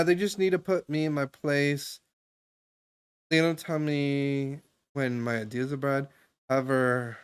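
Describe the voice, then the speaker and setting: A man's voice: mid-range voice, smooth. A young man streaming live, talking loosely and at length as he gives a stranger casual advice, full of fillers and restarts. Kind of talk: casual chat giving advice.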